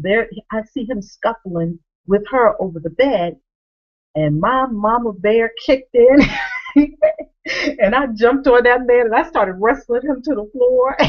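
Animated woman telling a family story. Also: fairly high pitch, measured pace, muffled recording. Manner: animated, acts out quoted voices. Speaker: vlogger. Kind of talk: storytelling to camera.

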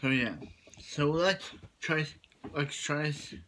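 A man's voice: a little high, drawn-out words, bright, forceful tone, a little hiss or hum. A man casually recapping a TV episode, rambling with many restarts and "he's like" retellings. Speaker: TV episode reviewer.

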